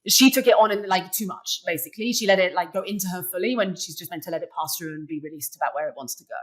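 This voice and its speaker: A young adult woman with a voice on the low side talks quickly as an interview guest, a poker player sharing a personal story. Her retelling is casual, animated, and chatty, filled with frequent "like"s.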